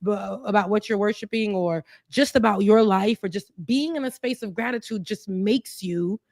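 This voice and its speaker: A woman's voice: medium pitch, normal speed, gravelly, a little mellow, dry recording, studio quality. A woman co-hosting a casual talk show, speaking earnestly and reflectively, rambling a little as she thinks aloud. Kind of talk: casual chat.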